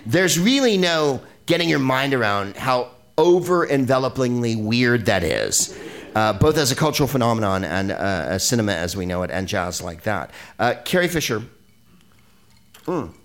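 Animated, digressive male podcast host. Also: mid-range voice, normal speed. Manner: animated, digressive, profane, laughing asides. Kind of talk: rambling comic film talk. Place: live venue with an audience.

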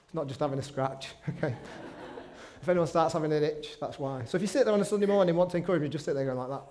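High-voiced preacher, chatty. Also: male voice, very fast, a little mellow. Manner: conversational, with self-deprecating asides. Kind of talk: sermon. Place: church meeting room.

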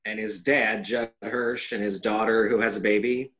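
A man's voice: fairly low pitch, fairly even intonation, moderate pace, fairly bright tone. A male podcast host in casual chat, laughing easily and chipping in with wry short reactions.

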